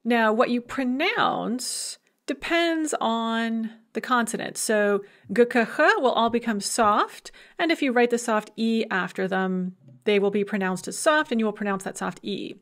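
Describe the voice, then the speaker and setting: Slightly high, a little slow, and somewhat bright, this woman's voice delivers a recorded university language lecture. Patient and explanatory, she works through grammar by offering example words and then translating them, with the occasional lighthearted aside.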